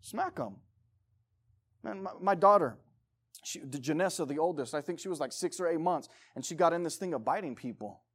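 Emphatic preacher man, fairly high voice. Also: expressive, fairly quick, husky. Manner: emphatic, swinging from loud urging to quiet pleading. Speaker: pastor. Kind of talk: sermon.

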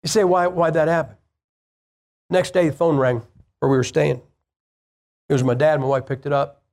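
A man's voice: fairly high pitch, fairly even intonation, normal speed, a little mellow. A man preaching a sermon, telling a personal story in a plain-spoken, conversational way and firing rhetorical questions at the congregation.

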